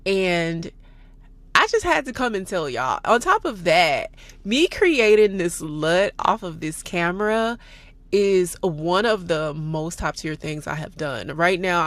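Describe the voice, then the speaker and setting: Forties woman from texas chatting to the camera, candid and easy, kinda low voice, says y'all a lot. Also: fairly bright tone, no echo. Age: 40s. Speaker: vlogger. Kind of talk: casual vlog chat.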